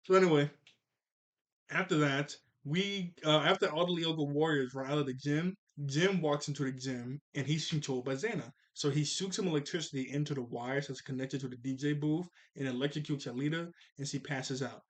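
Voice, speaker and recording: A man with a slightly higher-than-average voice recaps a cartoon episode in a loose, chatty way. He laughs often as he walks through the scenes. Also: a little fast. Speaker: cartoon reviewer.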